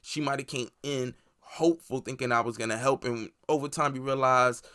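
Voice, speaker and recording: Guy rambling thru a show recap, lots of "like", swears a bunch, dry close sound, average pitch. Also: steady tone, moderate pace, a bit bright, clear, resonant tone, no room sound. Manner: loose, profane, rambling recap full of "like" fillers. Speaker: host of a movie review channel. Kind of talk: casual spoken series review.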